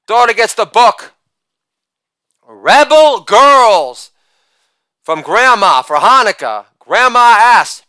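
A man delivers stand-up one-liners from home, each joke capped by a shouted catchphrase. His voice sits high and swings widely in pitch, with a bright, crisp tone. The sound is dry and close. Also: big pitch swings, slow, pauses often, no echo. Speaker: stand-up comedian.

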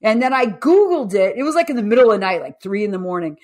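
This medium-pitched woman talks quickly. In her fifties, she's a guest coach and author on a podcast who narrates with animation and acts out each quoted voice.

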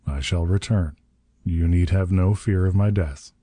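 A man voicing a small, feared tyrant who speaks softly and mildly, without fear. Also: low-pitched, measured pace, no room sound. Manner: soft and mild.

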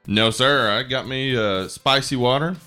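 A man's voice: mid-range voice, a little slow, pushed and bright, smooth, faint music behind. A man co-hosting a casual podcast, dry and joking. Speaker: podcast co-host. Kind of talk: casual chat.

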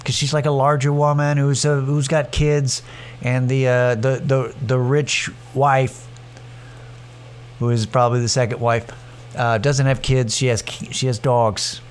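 Rambling, foul-mouthed podcast host. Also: male voice, mid-range voice, flat delivery, a little slow, clean tone. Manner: rambling, profane, restarts a lot. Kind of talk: casual storytelling.

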